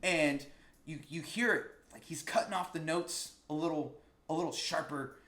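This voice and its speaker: A man's voice: fairly high pitch, normal speed, pushed and bright, reverberant. A man teaching a casual music lesson, enthusiastic and searching for words with frequent restarts. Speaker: saxophone teacher.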